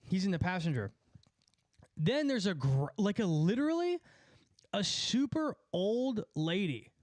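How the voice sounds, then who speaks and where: A man telling a profane, animated story on a live stream, a bit out of breath. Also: high voice, unhurried, no echo. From California. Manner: animated, profane, jumps between story and asides.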